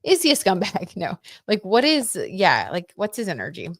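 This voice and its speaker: A young woman hosting a casual tarot livestream, chatty and animated, full of fillers and asides to her viewers. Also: medium pitch, moderate pace, no room sound, clean studio sound. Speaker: tarot reader and livestream host.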